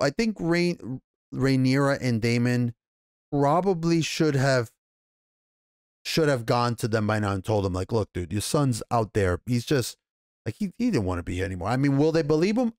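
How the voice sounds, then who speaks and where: A man giving a casual, rambling TV episode recap and review, excitable and profane, with many restarts. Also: mid-range voice, normal speed, no echo, clean studio sound. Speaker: TV show reviewer.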